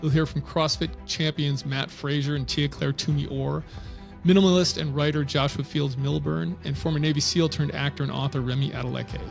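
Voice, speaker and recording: A man's voice: on the high side, steady tone, a little fast, creaky, faint music behind. A man hosting a podcast, introducing the episode and asking conversational, probing questions. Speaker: podcast host.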